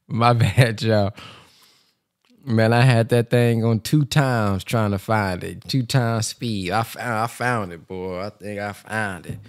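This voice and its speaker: Male host, mid pitch, loose and chatty, laughs a lot; dry close sound. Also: fairly even intonation, slow pace, no room sound. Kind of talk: casual live-stream chat.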